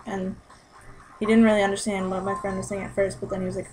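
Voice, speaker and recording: A woman's voice: medium pitch, level tone, fast talker, darkish tone, low-quality recording. A young woman in a casual vlog, chatty and gushing as she recaps a concert, saying "like" constantly. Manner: chatty and gushing, heavy use of "like". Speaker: concert-goer recapping a show.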